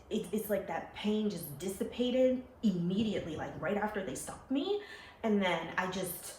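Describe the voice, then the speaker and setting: A young woman tells a personal story, full of lively energy. Her pitch sits in an everyday middle range. The recording has a roomy echo and a faint hum of ambience behind her. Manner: animated, laughing, acting out quoted voices.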